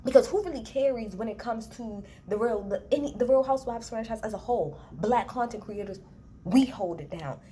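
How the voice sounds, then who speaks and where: A woman recording a casual reality TV recap on a handheld phone, talking to her viewers in a blunt, animated rant full of profanity. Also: on the high side, brisk, a little hiss or hum. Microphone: handheld phone, no tripod.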